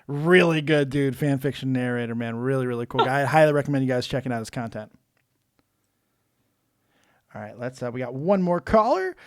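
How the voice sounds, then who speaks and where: A man's voice: medium pitch, lively intonation, brisk, long pauses, no echo, studio quality. A man co-hosting a live stream and taking callers, joking and teasing with frequent laughs. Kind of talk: casual live-stream chat.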